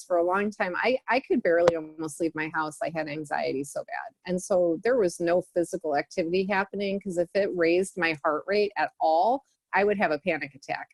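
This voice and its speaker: A woman on a group video call who tells a story with lively energy and laughs often. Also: on the low side, poor audio. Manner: animated, laughs often while telling stories. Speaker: book study participant.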